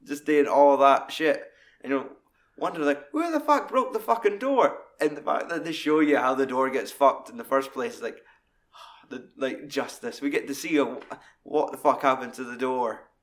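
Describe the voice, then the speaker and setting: A man chats casually and animatedly about a film at a moderate pace, cursing freely. He acts out lines from it using loud, high voices.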